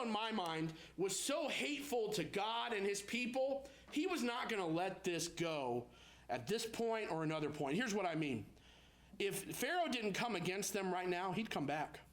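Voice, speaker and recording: A male pastor preaching a sermon, telling personal stories and acting out anxious prayers in a raised, pleading voice. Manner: animated preaching, acts out prayers in a high pleading voice; storytelling with personal anecdotes.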